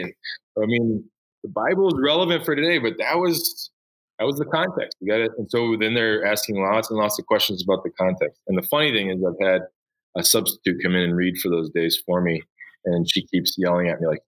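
A middle-aged man with a fairly low voice, speaking as a high school teacher in a conversational interview. He tells classroom stories with plenty of energy and often slips into voices for his students. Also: brisk, fairly bright tone, low-quality recording. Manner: enthusiastic storyteller, acts out voices.

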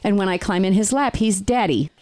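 Middle-aged woman host, casual storyteller, quick to laugh. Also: medium pitch, animated, darkish tone. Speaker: podcast host. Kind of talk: casual chat.

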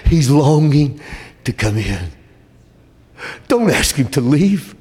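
A male preacher delivering a sermon, with an impassioned delivery that swings from shouted high lines to soft, low passages. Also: big pitch swings, takes it slowly, slightly rough.

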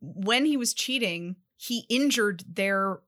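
Bright-voiced woman co-host. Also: mid-range voice, expressive, slow pace. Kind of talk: casual movie discussion.

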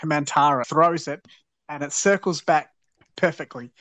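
A man's voice: a little high, normal speed, a bit bright. A man hosting a podcast, recounting an episode's plot with an earnest, wry manner. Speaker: podcast host. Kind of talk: casual episode recap.

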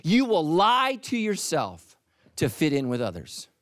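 A man preaching a sermon as the pastor, talking in a lively, punchy way with playful asides. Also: fairly high pitch, a little slow, no room sound, studio quality.

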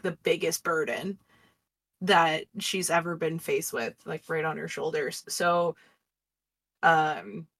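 A woman co-hosting a podcast, chatting in a relaxed, thoughtful way and laughing easily. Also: lowish voice, recorded from a distance. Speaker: podcast co-host. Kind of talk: casual podcast chat.

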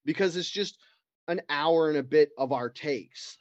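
A man's voice: fairly high pitch, measured pace, no echo, dull audio. A man co-hosting a podcast, rambling and swearing in casual chat. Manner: rambling, swearing, laughing often. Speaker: podcast co-host.

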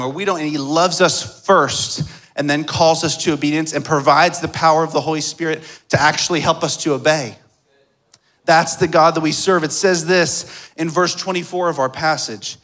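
Male pastor, fairly high voice, storytelling sermon with hushed lows and emphatic peaks. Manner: storytelling, swings from soft and hushed to loud and emphatic.

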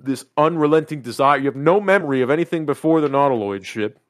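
A young man on a podcast, swearing freely as he tells an animated story from a video game. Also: fairly high pitch, fast, no room sound, clean studio sound. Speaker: podcast host. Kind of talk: casual chat.

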